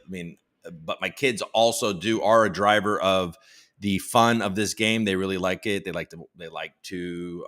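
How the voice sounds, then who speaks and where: Deep and fairly bright, this man runs a casual live stream. He swears heavily while rambling and joking, teases his audience, and reads news headlines aloud, his banter profane, meandering and self-mocking.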